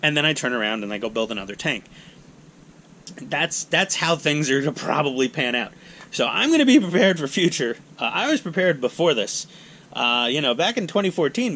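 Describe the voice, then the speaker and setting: A man's voice: mid-range voice, lively intonation, moderate pace, a bit bright, a little hiss or hum. A middle-aged man, hosting a hobby channel in casual, rambling, self-mocking talk. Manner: chatty, self-mocking, acts out voices in anecdotes.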